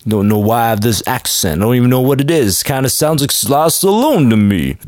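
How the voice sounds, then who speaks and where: A man putting on a smooth-talking macho ladies' man voice with an exaggerated low drawl and a vague put-on accent. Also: sing-song, a little fast, a little mellow, no room sound, clean studio sound, lightly acted. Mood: swaggering.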